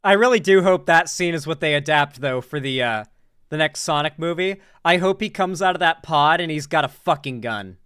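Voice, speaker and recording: A woman's voice: deep voice, expressive, normal speed, a bit bright, clean tone, no room sound. A woman hosting a casual livestream, joking, rambling and swearing freely as she talks to her chat. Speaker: streamer host.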